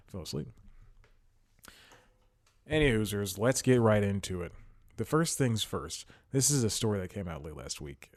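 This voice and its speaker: Male solo podcast host, slightly low voice, loose rambling delivery with chuckles, a bit winded. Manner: rambling, self-mocking, chuckles often. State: slightly out of breath. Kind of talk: casual solo podcast chat. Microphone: headphones and studio mic.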